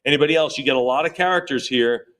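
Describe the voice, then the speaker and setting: A male auctioneer runs a live sale in a steady chant of rising bids. Between the numbers he tosses off quick jokes and teasing asides to the bidders. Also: medium pitch. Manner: rapid repetitive bid chant with joking asides. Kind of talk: live auction bid calling.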